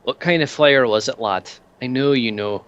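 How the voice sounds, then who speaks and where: A man's voice: mid-range voice, normal speed, fairly bright tone, dull audio, close to an everyday voice. A man putting on a menacing one-toothed thug. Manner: threatening, calls people lad.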